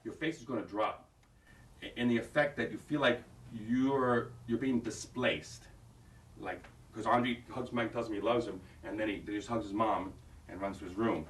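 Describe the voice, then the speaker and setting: A man's voice: lowish voice, steady tone, moderate pace. A man directing an audition, explaining a scene to an actress in a rambling way with many restarts. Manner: rambling, restarts, acts out lines. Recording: roomy, distant from the mic.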